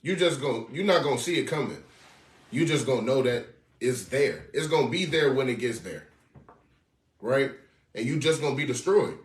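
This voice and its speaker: A man preaching on scripture in a casual, animated way, full of slangy asides and mocking commentary. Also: medium pitch, moderate pace, long pauses. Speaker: street preacher. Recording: echoey room from far off.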